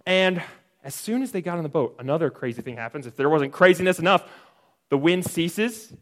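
A man's voice: on the high side, expressive, brisk, a bit bright. A man teaching a Bible lesson to children, retelling the story in a playful, jokey way and talking straight to the kids. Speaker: Sunday school teacher.

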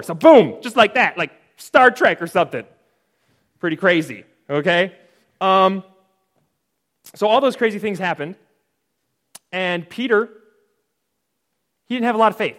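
A man's voice: sits high, a bit bright. A man teaching a Bible lesson to children, retelling the story in a playful, jokey way and talking straight to the kids. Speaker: Sunday school teacher.

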